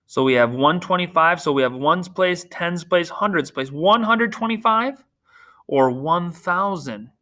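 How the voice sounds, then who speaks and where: A man's voice: sits high, expressive, measured pace, pushed and bright. A man teaching a recorded remote math lesson to children, upbeat, cracking corny jokes and teasing himself, talking through a screen share.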